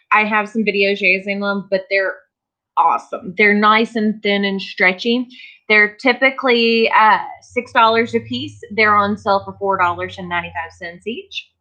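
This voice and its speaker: A tired, yawning woman hosting a casual livestream, chatting slowly and greeting viewers by name. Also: medium pitch, steady tone, pushed and bright, highs cut off. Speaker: livestream host of a vinyl crafting channel.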